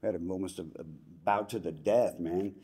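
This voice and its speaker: Man, middle-aged, low warm voice; heartfelt, casual acceptance speech at a banquet. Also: steady tone, fairly quick. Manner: plainspoken and folksy, with casual slang. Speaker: hall of fame inductee giving acceptance speech. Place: banquet hall ceremony.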